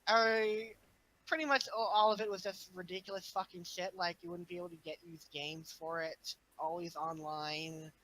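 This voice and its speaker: A man talking casually on a podcast, rambling with lots of fillers and animated swings in emphasis. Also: high voice, normal speed, a little hiss or hum, rough recording. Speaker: podcast guest. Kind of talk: casual chat.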